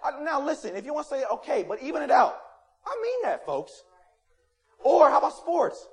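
A man preaching a sermon in a church, animated and playful, acting out quotes and rising to loud emphasis. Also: extremely high pitch, quick pace. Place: church sanctuary.

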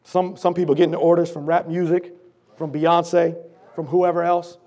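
A middle-aged man preaching a sermon with a sore throat, fervent and emphatic, swinging between shouted lines and low, intense asides as he calls out to the congregation. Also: flat delivery, moderate pace.

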